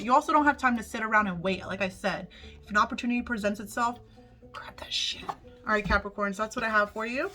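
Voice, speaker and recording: A woman giving a casual tarot forecast to her viewers, chatty and upbeat, swearing freely as she talks straight to them. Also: a little high. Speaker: tarot reader. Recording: music playing under the voice. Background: background music.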